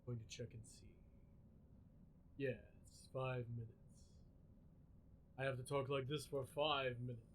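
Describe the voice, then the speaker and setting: A streamer putting on an exaggerated deep, smooth radio-announcer voice, drawling as low and manly as he can during a live game stream. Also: steady tone, a little slow, pauses often, slight background noise, lightly acted. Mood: mock-serious.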